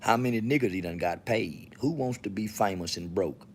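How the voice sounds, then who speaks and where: A man's voice: fairly low pitch, moderate pace, slight background noise. A man from Texas with a Southern accent, hosting his podcast alone in a profane, swaggering, mocking rant. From Texas, USA. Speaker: podcast host. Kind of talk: solo monologue to camera.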